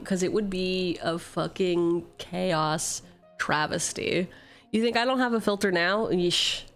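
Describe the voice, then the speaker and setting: A woman streaming a card pack opening with profane, sarcastic, animated casual chat. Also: mid-range voice. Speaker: vtuber opening card packs.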